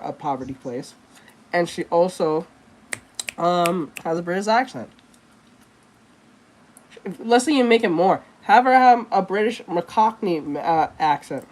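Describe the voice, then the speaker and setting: A woman's voice: lowish voice, darkish tone, slight background noise. A woman artist chatting casually while she draws, rambling and blunt with plenty of swearing. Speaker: artist streamer. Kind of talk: casual chat while drawing.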